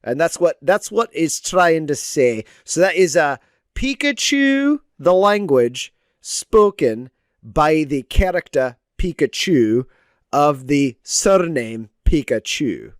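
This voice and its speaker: A slow, high-ish male voice with lively intonation, in a dry, clean studio recording. The digital artist rambles casually while drawing on stream, peppering his talk with filler words and playful pretend lessons.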